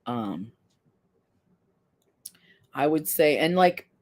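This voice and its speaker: A woman's voice: sits low, expressive, drawn-out words, a little mellow. A woman in her fifties hosting a casual live stream, talking candidly and earnestly while reading viewer comments. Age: 50s. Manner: candid, earnest, self-deprecating.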